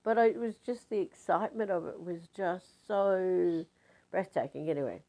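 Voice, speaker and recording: Older woman, spiritual teacher, deep voice, rambling animated anecdote with fillers. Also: normal speed, poor audio. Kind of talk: casual storytelling.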